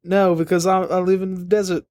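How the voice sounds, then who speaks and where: A man's voice: high voice, level tone, fairly quick, darkish tone, pitched above the performer's own voice, close to an everyday voice. A man putting on a silly old Australian desert lady. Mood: goofy. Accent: mock Australian.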